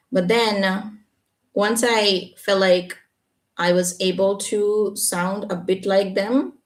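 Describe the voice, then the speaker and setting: A woman teaching English on a live stream, explaining patiently and checking in with a quick "yeah?". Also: lowish voice. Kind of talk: live Q&A reading viewer comments. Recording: echoey room, voice a bit far from the mic.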